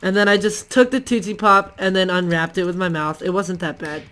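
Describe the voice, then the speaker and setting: A man's voice: high voice, steady tone, a little fast, sharp tone. A male channel host telling casual stories to the camera in a rambling, hesitant way, full of ums and restarts.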